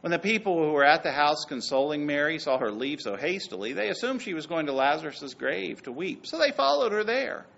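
A man preaching a sermon, emphatic and swinging between loud passages and soft ones. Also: a little high, sing-song, fairly quick, gravelly, few pauses, muffled recording. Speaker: pastor.

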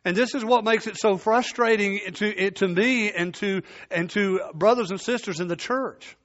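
A man preaching a sermon, emphatic and repeating key phrases, his voice sinking low at the ends of points. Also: normal speed, a bit bright, muffled recording.

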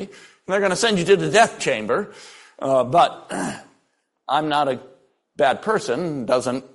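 An older man preaching a sermon, telling folksy stories with dry humor. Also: mid-range voice. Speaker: pastor.

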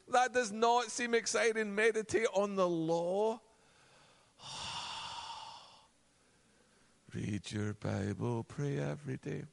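A man preaching a sermon, animated, acting out quoted voices, and dropping to a soft, low voice for emphasis. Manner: acts out quoted voices and asides.

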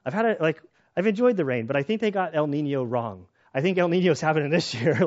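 A man preaching a sermon in a casual, conversational way, telling personal stories and getting animated when excited. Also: a little high, quick pace, dull audio. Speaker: pastor.

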